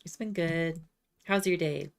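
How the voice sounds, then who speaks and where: A young adult woman streamer chatting casually with viewers, self-deprecating and halting when she tries French. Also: fairly low pitch, vocal fry. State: slightly under the weather.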